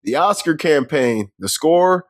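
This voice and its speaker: A man's voice: fairly high pitch, expressive, unhurried, dry recording, studio quality. A man co-hosting a film podcast in casual chat, laughing a lot, swearing freely and reading movie lines aloud. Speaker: podcast co-host.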